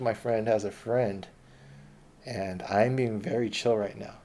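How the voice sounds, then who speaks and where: A man's voice: lowish voice, steady tone, moderate pace, dark tone. A man telling a long personal story in a casual, rambling, profane way.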